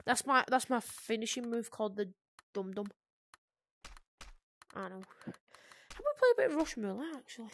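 A young woman giving chatty, excitable commentary while playing a VR game, swinging from muttering to sudden shrieks. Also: a little high, brisk, pauses often. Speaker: gaming video creator. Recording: noisy gameplay recording.

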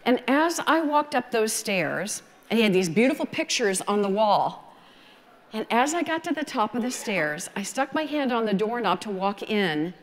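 A woman in her sixties with a Southern American accent, telling her story at a photography conference in a folksy, animated way. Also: fairly high pitch, moderate pace, long reverb tail. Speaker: photography speaker. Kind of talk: conference talk.

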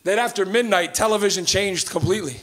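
A man in his thirties from Canada doing a stand-up comedy set in a club, telling stories in a profane, animated way. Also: high voice, fast, noisy background. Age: 30s. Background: live audience laughter.

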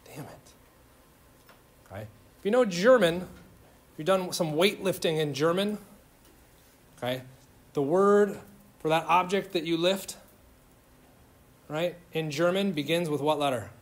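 Male chemistry instructor, slightly high voice, informal and jokey, quizzes the room as he lectures. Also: unhurried, long pauses. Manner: informal, joking, questions to students. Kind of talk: classroom lecture. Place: lecture classroom.

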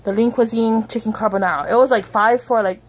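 A woman's voice: on the high side, steady tone, brisk, slight background noise. A woman in a casual home vlog, chatting straight to her viewers through a handheld camera. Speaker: vlogger.

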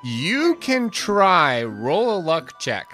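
A man running a tabletop game on a live stream, animated and quick to laugh. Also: a little high, faint music behind. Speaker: game master.

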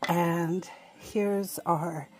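Slow, mellow-voiced woman cooking host. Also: lowish voice, steady tone, slightly rough. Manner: chatty, unhurried, with frequent fillers and little laughs. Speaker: home cooking show host. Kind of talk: casual cooking demonstration.

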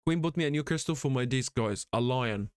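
A man chatting excitedly on a live gaming stream, reading the chat aloud and laughing often. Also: medium pitch, brisk, clear, resonant tone, dry recording, clean studio sound.

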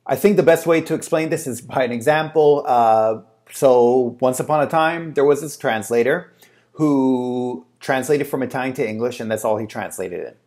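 A man's voice: mid-range voice, normal speed, darkish tone. Chatty man telling a work story. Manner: chatty storytelling with many fillers. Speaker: translator and agency owner. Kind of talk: casual talk to camera.

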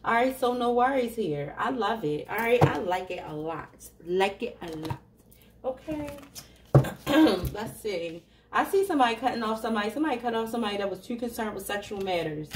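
Woman, tarot reader, chatty, laughs a lot, fairly high voice, roomy sound. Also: noisy background. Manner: chatty, laughs often, talks to viewers as y'all. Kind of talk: casual tarot reading livestream. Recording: echoey room, voice a bit far from the mic.

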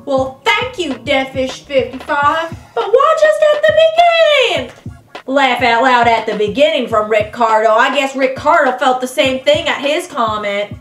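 Actress doing a high-pitched, sassy Southern US vlogger, indignant comedy character, echoey room, faint music behind. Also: female voice, moderate pace, few pauses, a bit bright. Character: brash Southern woman vlogger, touchy and boastful. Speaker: vlogger answering comments.

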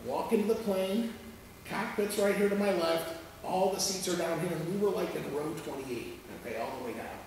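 A man preaching a sermon as a pastor, telling a story in an animated, conversational way and checking in with listeners as he goes. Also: high-pitched, normal speed, a little hiss or hum. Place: church sanctuary. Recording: echoey church hall from far off.

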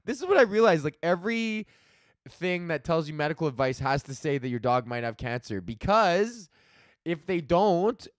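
A thirty-something man hosts his own comedy podcast solo, ranting casually, swearing freely, venting and laughing at his own jokes. His voice is on the high side with big pitch swings at a moderate pace, recorded cleanly in a studio with no echo.

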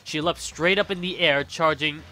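A man's voice: a little high, moderate pace, sharp tone. A man hosting a let's-play, reading and voicing a game with rambling asides, swearing and laughing between lines. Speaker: gaming channel host.

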